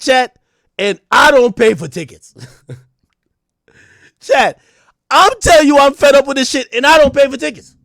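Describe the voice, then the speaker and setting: A man in his thirties streaming a casual, profane rant to his chat, animated and mocking, swinging from loud outbursts to mumbled asides. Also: high voice, no room sound, clean studio sound.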